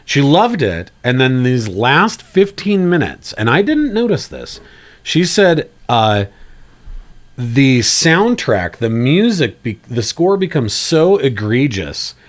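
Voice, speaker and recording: A man co-hosts a film podcast, chatting casually with an animated manner. His pitch bounces around and he tosses in quick asides.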